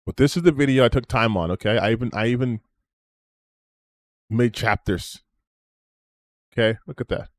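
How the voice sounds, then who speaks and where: A man's voice: mid-range voice, normal speed, long pauses, dry recording, clean studio sound. A man streamer closing out his stream in a rambling, self-promoting chat, swearing freely as he talks. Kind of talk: casual stream sign-off chat.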